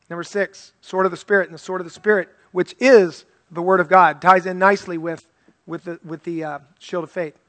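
A man's voice: high-pitched, a bit bright, no room sound. A male pastor preaching an earnest, conversational sermon and reading scripture aloud.

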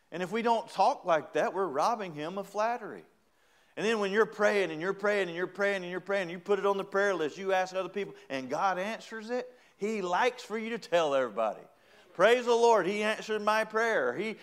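A middle-aged man preaching a sermon in a folksy, humorous way, acting out little quoted voices and rising to loud, emphatic praise. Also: fairly high pitch.

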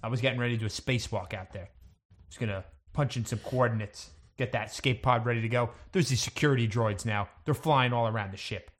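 Deadpan man playing a starship captain. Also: medium pitch, fast talker. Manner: deadpan, matter-of-fact delivery of absurd lines. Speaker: player as ship's captain on the bridge. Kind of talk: improvised sci-fi role-play.

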